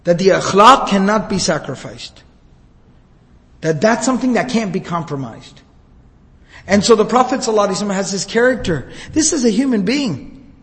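A man giving an animated religious lecture, retelling a story and explaining phrases by repeating and rephrasing them. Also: high voice, a little fast. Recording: long hall reverb.

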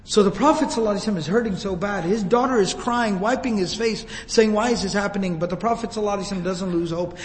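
A man's voice: high voice, racing, few pauses, big-room sound, slight background noise, poor audio. A man giving a sermon, telling the story emotively and acting out quoted lines. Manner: emotive, retells scenes with quoted voices. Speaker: preacher.

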